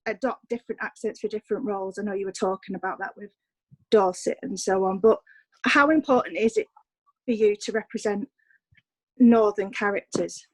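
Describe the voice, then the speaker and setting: A woman's voice: medium pitch, fairly even intonation, moderate pace, darkish tone, rough recording. Hesitant Manchester woman asking a question. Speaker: audience questioner.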